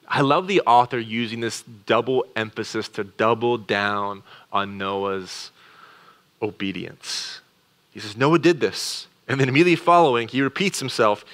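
A man of ordinary pitch preaching a sermon as pastor, with an earnest delivery. He hurries through asides, then slows into heavy, deliberate phrases. On the words that matter most his voice sinks almost to a hush. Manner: swings between quick asides and slow, weighty phrases.

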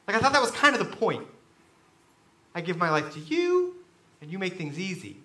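A man preaching a sermon to a room full of listeners, swinging between quiet reflection and loud emphasis as he acts out quoted voices. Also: sits high, huge pitch swings, moderate pace, long pauses, roomy sound. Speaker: pastor. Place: large room with an audience.

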